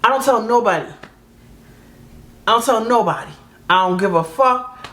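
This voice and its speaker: A woman in her thirties hosting a reaction video, chatting in a sassy, animated way and laughing often as she tells her own story. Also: on the high side, normal speed. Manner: laughing often, sassy, calls listeners "baby".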